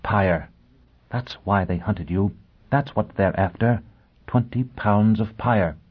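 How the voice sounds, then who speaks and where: A man voicing a bitter, proud young woman in an audiobook, speaking in a low, cutting, scornful way. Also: slow, breathy edge. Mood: urgent. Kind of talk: audiobook character voice. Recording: tinny phone-like sound.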